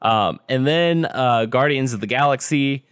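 A man hosting a casual chat, with a smooth, clean voice recorded close and dry. He talks in a relaxed way with frequent ums and restarts. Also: mid-range voice, a little slow, dry recording. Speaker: podcast host. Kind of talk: casual gaming news chat.

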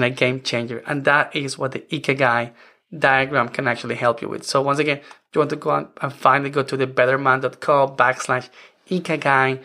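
A man in his forties who is not a native English speaker hosts a self-help podcast. His medium-pitched voice sounds bright and forceful, and he comes across as earnest and rambling, with many "I mean" restarts.

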